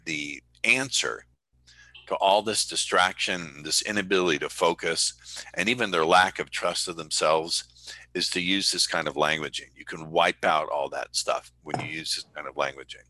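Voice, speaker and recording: A man guest on a podcast interview, telling stories in an emphatic, boastful, energetic way, slowing down with dramatic pauses for effect. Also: deep voice, no echo, rough recording. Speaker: guest, persuasion coach.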